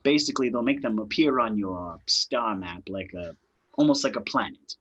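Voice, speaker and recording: Husky-voiced man running a tabletop game. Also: lowish voice, fairly bright tone, muffled recording. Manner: unhurried, explains in plain terms, trails off at times. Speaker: game master. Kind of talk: narrating a tabletop game over voice chat.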